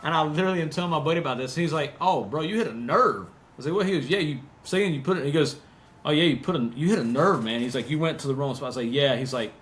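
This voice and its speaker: A man co-hosting a podcast, telling a story in a casual, animated way. He acts out quoted voices and laughs often. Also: fairly high pitch, racing. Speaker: podcast co-host.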